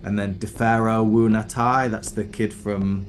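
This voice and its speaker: Low-voiced man, faint rumble behind. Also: a little slow. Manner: relaxed, hesitant with frequent "uh" and "um". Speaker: podcast co-host. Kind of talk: casual film chat.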